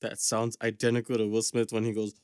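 A man's voice: lowish voice, monotone, fairly quick, a little mellow, smooth, no room sound. A man co-hosting a casual podcast chat, slangy and laughing often, recorded close on a mic. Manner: slangy, laughing, says "fool" and "dude" a lot. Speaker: podcast co-host.

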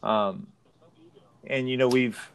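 A man's voice: medium pitch, steady tone, slow pace, gravelly, smooth. Middle-aged male karate sensei, frank and plain-spoken, casual podcast talk. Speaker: martial arts instructor.

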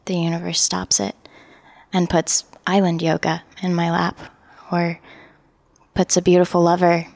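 A woman yoga trainee sharing a personal story in a lively, laughing way. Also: lowish voice, measured pace, vocal fry, no echo.

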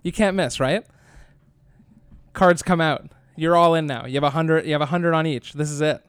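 A man's voice: a little high, moderate pace, clean tone, dry recording, studio quality. A man co-hosting a sports betting podcast, telling a vivid casino story in the second person. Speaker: podcast co-host. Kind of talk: casual sports betting banter.

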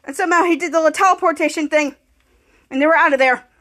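A woman hosting a podcast, excitedly retelling a TV episode scene by scene and quoting the characters' lines. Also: high-pitched, quick pace. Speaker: podcast host. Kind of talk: casual episode recap.

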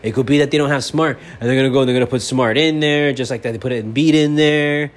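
A man's voice: medium pitch, fairly even intonation, fast. A man hosting his own sports fan podcast, delivering a profane, fired-up monologue. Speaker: podcast host. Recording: faint background noise.

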